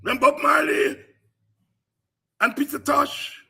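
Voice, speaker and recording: In a very high-pitched, creaky voice, steady in tone and slow in pace, a Guyanese man hosts political commentary. His delivery is impassioned and sermon-like, climbing into shouts and cries.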